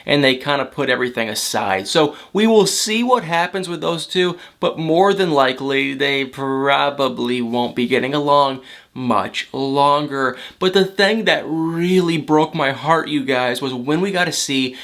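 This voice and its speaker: A man's voice: medium pitch, animated, unhurried, fairly bright tone. A man recapping a reality show in a casual vlog, chatty and emotional, full of fillers and repeated words. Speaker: reality TV commentator.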